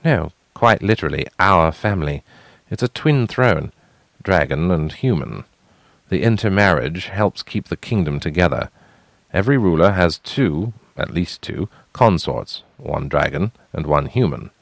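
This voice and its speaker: A man's voice: sits low, lively intonation, a little slow, gravelly, no echo, heavily acted. A man voicing a weary but proud young royal half-brother, earnest as he explains.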